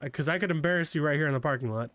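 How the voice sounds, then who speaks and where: A man's voice: a little high, rapid-fire, fairly bright tone, no echo. Chatty male game streamer, dry mic. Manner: chatty, joking, thinking aloud. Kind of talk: casual let's-play commentary.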